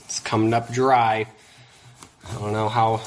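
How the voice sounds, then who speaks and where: A man's voice: on the low side, little pitch movement, a little slow, a little hiss or hum. A man vlogging as a YouTuber, joking and talking in a mock-sincere way. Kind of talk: casual vlog.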